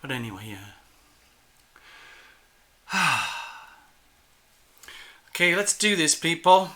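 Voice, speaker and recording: A man's voice: on the high side, sing-song, slow, pauses often, sharp tone. A man hosting a tarot channel, chatting casually and playfully to viewers while admitting he feels nervous. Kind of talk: casual solo livestream talk.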